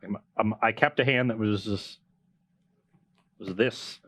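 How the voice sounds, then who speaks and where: A man's voice: lowish voice, fairly bright tone, no room sound. A man playing a card game match on a show, thinking aloud about his hand and deck choices. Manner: fast, thinking aloud with restarts. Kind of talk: casual banter while playing.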